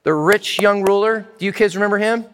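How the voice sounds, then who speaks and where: A man preaching a sermon in church as pastor, animated and speaking directly to the children. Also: high voice, a little fast, long reverb tail.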